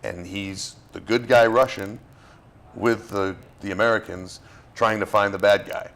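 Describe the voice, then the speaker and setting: A man from Florida, an actor being interviewed, talking in a relaxed, halting way with fillers and restarts. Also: fairly low pitch. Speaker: actor guest. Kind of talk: casual interview talk.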